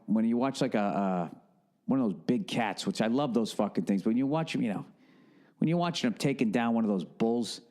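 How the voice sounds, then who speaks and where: A middle-aged man, hosting a podcast in an animated, swearing comedic rant with acted-out asides. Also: medium pitch. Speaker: podcast host.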